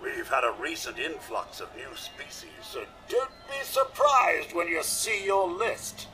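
An actor playing a theatrical hunt master in a video game, greeting newcomers like an announcer. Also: male voice, fairly high pitch, sing-song, unhurried, pushed and bright, faint music behind, heavily acted. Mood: grandiose. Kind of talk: video game dialogue recording.

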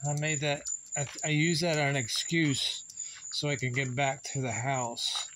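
A man's voice: mid-range voice, fairly even intonation, measured pace, pushed and bright, a little hiss or hum. A man vlogging casually at home, chatting to viewers and teasing his dog in a rambling way. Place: home yard and house, partly outdoors.

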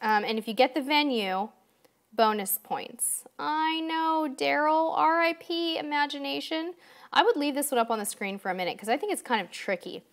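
A woman's voice: sits high, moderate pace. A woman hosting a live-stream quiz, chatting upbeat and directly to her viewers, a bit tired. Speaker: livestream host. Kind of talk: casual live-stream chat.

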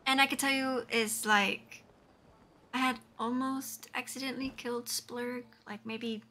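A woman streaming a game, chatting at an unhurried, drawn-out pace with frequent "like" fillers. Her voice is bright and ringing, and she giggles easily as she rambles. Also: fairly high pitch, fairly even intonation. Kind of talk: casual live-stream chat while playing.

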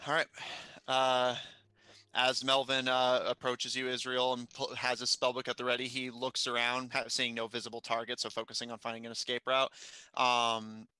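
A man steering a live-streamed tabletop game as its game master, laying out each scene in steady, descriptive narration. His voice is bright and forceful, with a smooth, resonant clarity. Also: mid-range voice, moderate pace, dry recording.

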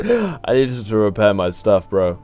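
A young adult man with a lowish, sing-song voice speaks a little slowly over music while commentating a video game for his gaming channel. The let's play chatter is rambling and casual, with plenty of swearing, self-deprecation and laughs.

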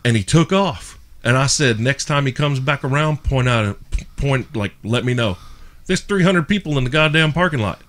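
A man hosting a podcast and telling stories in casual chat, animated and full of swearing. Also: medium pitch, normal speed. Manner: profane, animated storyteller. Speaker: podcast host.

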